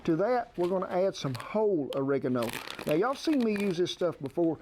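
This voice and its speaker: A man's voice: sits high, sing-song, fairly quick, very noisy. A man giving a cooking demonstration outdoors at a grill in a folksy, homespun way. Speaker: outdoor cook.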